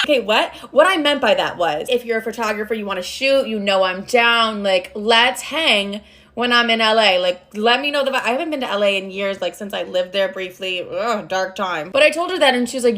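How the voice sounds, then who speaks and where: A woman's voice: mid-range voice, a little fast, a bit bright. A young adult woman telling a casual vlog story, frank and profane, rambling with lots of fillers. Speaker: social media storyteller.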